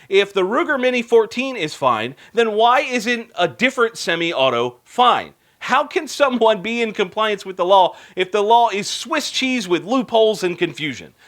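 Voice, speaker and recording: Bright-voiced, sarcastic male news host. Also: high voice. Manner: sarcastic, wisecracking; indignant rants. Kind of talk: scripted news commentary.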